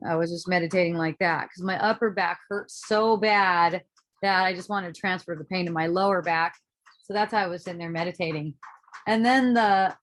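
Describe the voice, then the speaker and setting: A woman telling a personal story in a candid, casual monologue, talking the way she would to a friend. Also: medium pitch. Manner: candid, casual and animated, with frequent "um" and "like", occasional swearing. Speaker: spiritual speaker and author.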